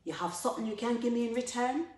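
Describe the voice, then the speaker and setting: A woman voicing a cunning male spider trickster, shrill and haggling. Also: fast talker, darkish tone, close to an everyday voice. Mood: bargaining. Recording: very echoey room.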